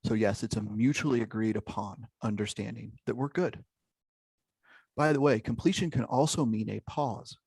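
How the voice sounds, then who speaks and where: A man's voice: lowish voice, normal speed, creaky, a little mellow, breathy edge, no room sound. Engaging man leading an online workshop. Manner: engaging, peppers talk with "okay?" and "right?". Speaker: workshop leader.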